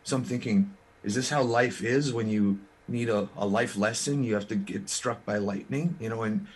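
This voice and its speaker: Speaking with a low-ish, breathy-edged voice, a Canadian man appears as a musician guest in an interview. He recounts his story in an earnest, frank manner, restarting quickly as he goes.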